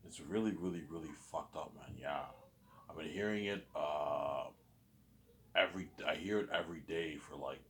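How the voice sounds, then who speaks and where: Man, very low voice, casual halting monologue full of repeats, light background noise. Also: a bit bright. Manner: repetitive, halting, many restarts. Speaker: vlogger.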